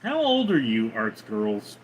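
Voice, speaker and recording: Slow-talking man chatting on a livestream. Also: lowish voice, wildly swooping pitch, husky, rough recording. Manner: laid-back, answers chat names one by one. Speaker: livestream host reading chat. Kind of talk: casual livestream chat.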